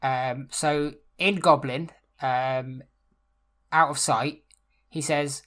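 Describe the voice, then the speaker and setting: Low-voiced woman playing a tabletop game. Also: steady tone, drawn-out words, a bit bright. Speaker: player. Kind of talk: describing a tabletop game character.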